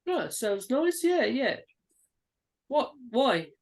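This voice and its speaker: A woman's voice: high-pitched, very animated, very slow, darkish tone. A woman talking in character during a tabletop game. Her voice rises and falls a lot as she lingers over details in a playful, easy way. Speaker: player.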